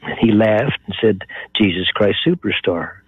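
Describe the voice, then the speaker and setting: A man's voice: lowish voice, animated, measured pace, breathy edge, no echo. An older man with a Texan accent, the guest in an interview, telling a story and acting out the voices of the people in it. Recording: muffled phone-line sound.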